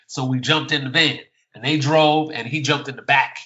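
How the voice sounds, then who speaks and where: Middle-aged guy telling a story, acts out the voices, bright tone, kinda dull lo-fi sound. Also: mid-range voice, normal speed, few pauses. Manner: animated, acts out dialogue in the story. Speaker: guest poet. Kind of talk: storytelling in casual conversation.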